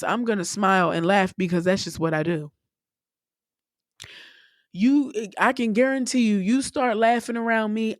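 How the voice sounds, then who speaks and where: A woman's voice: medium pitch, dry recording, studio quality. A young woman, hosting a casual solo podcast and talking bluntly and profanely, laughing often. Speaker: podcast host.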